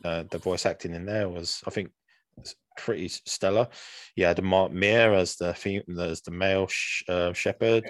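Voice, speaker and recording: A man with a deep, low voice co-hosts a casual podcast chat and wanders through his thoughts with lots of "um"s and restarts. He sounds close and dry, with no room around him. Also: fairly even intonation, normal speed, dry recording. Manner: rambling, hesitant, many fillers and restarts. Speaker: podcast co-host.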